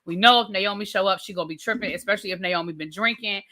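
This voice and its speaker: Woman, review host, casual live rant, crisp bright tone, chatty asides to the audience. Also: medium pitch, fast. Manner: chatty, animated storytelling with frequent asides to viewers.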